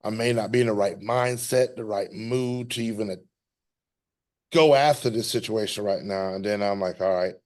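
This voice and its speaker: A man's voice: fairly low pitch, normal speed, darkish tone. A man hosting a casual podcast conversation, talking in a reflective, rambling way with frequent restarts. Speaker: podcast host.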